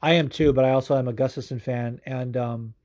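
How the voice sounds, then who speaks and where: Mellow-voiced man, excitable podcast host. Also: mid-range voice, a little fast. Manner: swears freely, excitable storytelling. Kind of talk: casual podcast chat. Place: at home.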